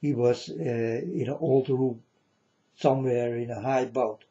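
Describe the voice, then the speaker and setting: Man, slow halting delivery, mellow dark tone, solemn, repeats himself, muffled low-fi recording. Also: fairly even intonation. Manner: solemn, halting, repeats phrases, sometimes loud. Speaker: self-styled prophet. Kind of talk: religious monologue to viewers.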